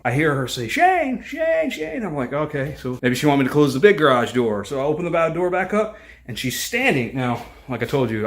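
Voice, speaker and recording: A man in his thirties, a family vlogger, telling a long story in a rambling, animated way with lots of fillers. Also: mid-range voice. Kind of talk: casual storytelling vlog.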